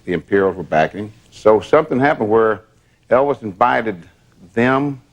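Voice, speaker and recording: Older low-voiced man reminiscing. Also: lively intonation, moderate pace, muffled recording. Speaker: former bodyguard recounting stories. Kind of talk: candid reminiscing interview.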